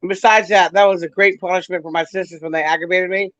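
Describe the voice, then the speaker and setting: A woman's voice: on the low side, steady tone, fast talker, fairly bright tone, no echo, muffled recording. A woman hosting a casual livestream chat, telling brash, profane stories and often breaking into laughter. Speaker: livestream host.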